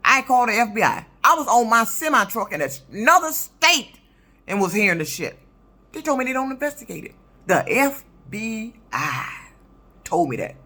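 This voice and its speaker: A woman's voice: a little high, sing-song, normal speed, sharp tone. A woman in her fifties, a truck driver, telling a story in an indignant, profane, emphatic rant for her vlog. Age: 50s.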